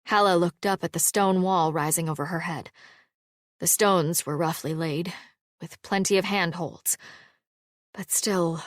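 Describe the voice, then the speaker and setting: In a dry studio-quality recording, a female narrator reads an audiobook script with an even, deliberate storyteller's cadence. Her voice is pitched fairly low.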